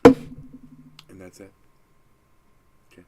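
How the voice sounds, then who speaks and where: Winding down his stream, this young man rambles casually, swears, and can't stop yawning. He talks very slowly in a slightly mellow voice, with a faint hiss or hum in the audio.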